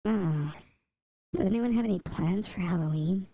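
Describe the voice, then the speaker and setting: A woman casually chatting on a livestream while she draws. She answers chat and mutters softly to herself as she works, speaking into a desk microphone beside her drawing tablet. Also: mid-range voice, moderate pace, rough recording. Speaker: streamer drawing live. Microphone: desk mic by a drawing tablet.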